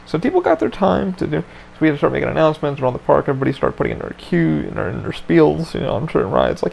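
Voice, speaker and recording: A man's voice: on the high side, big pitch swings, rapid-fire, vocal fry, a little mellow, a little hiss or hum, rough recording. A man hosting a podcast, telling a story in a casual chat with lots of swearing and loose rambling. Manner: profane, laid-back, loose rambling. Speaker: podcast host.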